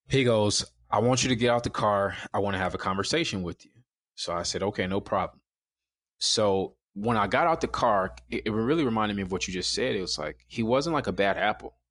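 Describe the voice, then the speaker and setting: Young man, low voice, calm storytelling, dry close sound. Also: dry recording. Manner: calm, quoting others in his own voice. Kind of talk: casual storytelling.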